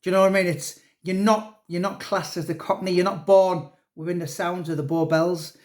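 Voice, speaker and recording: A man with a somewhat high voice chats in a loose, rambling way. He restarts his sentences often and tacks on fillers as he goes. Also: steady tone, a little fast. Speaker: author. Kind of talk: casual chat.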